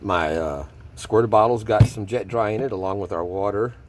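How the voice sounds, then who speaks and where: Rambling low-voiced man. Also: normal speed, a little hiss or hum. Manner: rambling, self-correcting, chuckles often. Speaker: gold prospecting hobby host. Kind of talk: casual chat. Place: table at home.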